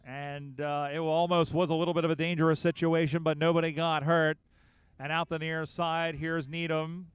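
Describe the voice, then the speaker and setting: A man calling a live field game, his voice a little high and smooth with a clean, crisp tone. He talks in quick, excited bursts when the play picks up, with a level, fairly steady melody. The sound is close and dry, with no room around it. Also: no echo. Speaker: play-by-play commentator. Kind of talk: live sports commentary. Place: outdoor sports field broadcast.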